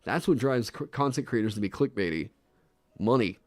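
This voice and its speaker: A man's voice: medium pitch, lively intonation, normal speed, no room sound, faint music behind. A man chatting casually on a live stream into a desk microphone. He rambles, laughs often and swears freely. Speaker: streamer designing a game class.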